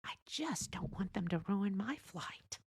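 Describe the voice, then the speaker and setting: A woman's voice: medium pitch, lively intonation, a little slow, creaky, husky, dry recording, studio quality. A woman hosting a casual solo podcast, chatty and laughing often, with frequent restarts. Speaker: podcast host.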